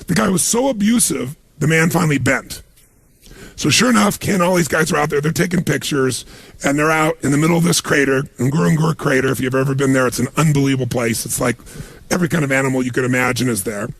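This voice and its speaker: A man giving a motivational seminar talk to a live audience, telling stories with punchy, animated emphasis and a gravelly, raspy voice. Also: a little high, quick pace, no echo. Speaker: motivational speaker.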